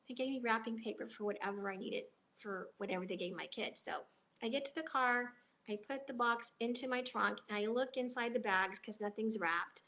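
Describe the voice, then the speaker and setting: Gravelly-voiced woman telling a heartfelt story. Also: a little high, brisk, bright, forceful tone. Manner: earnest, emotional retelling with quoted dialogue. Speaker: interview guest. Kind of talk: personal storytelling in an interview. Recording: dull lo-fi audio.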